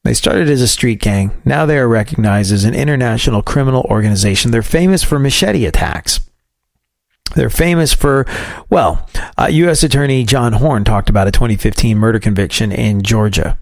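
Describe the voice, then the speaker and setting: Sarcastic New York man, gravelly voice. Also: mid-range voice, animated, a little fast, dry recording, clean studio sound. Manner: sarcastic, wry. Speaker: host. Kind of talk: political commentary show.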